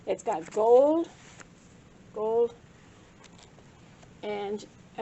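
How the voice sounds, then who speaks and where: A woman's voice: on the high side, a little slow, a little mellow, low-quality recording. An older woman giving a casual, rambling show-and-tell of her craft supplies, slightly out of breath and correcting herself as she goes. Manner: rambling, chatty, self-correcting. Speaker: craft vlogger.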